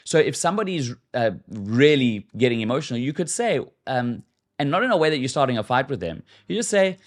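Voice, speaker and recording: A man explains ideas as a podcast guest, in a casual, conversational way. He often restarts his sentences and acts out sample phrases, speaking at a middle pitch. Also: very animated, brisk.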